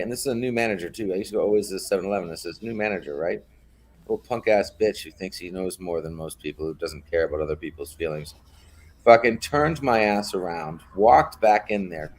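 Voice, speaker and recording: Profane, heated man telling a story. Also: low-pitched. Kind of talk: casual chat.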